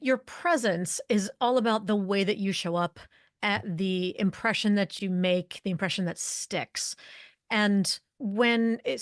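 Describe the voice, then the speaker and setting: A woman's voice: medium pitch, no echo, clean studio sound. A middle-aged woman guest on a podcast, explaining leadership presence in an articulate way, laying out points through strings of rhetorical questions. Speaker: leadership communication expert guest. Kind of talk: conversational podcast interview.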